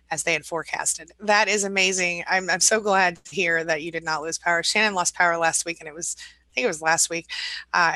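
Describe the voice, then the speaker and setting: A woman's voice: medium pitch, sharp tone, no room sound. A middle-aged woman hosting a live stream, reading out viewer comments and answering them in a sympathetic, reassuring way. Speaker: host, relationship recovery coach.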